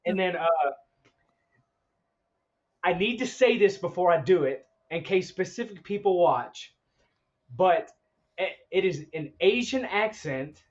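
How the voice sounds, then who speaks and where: A man's voice: sits high, animated, measured pace, pauses often, muffled recording. A man co-hosting a podcast in casual chat, rambling and laughing between stories. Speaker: podcast co-host.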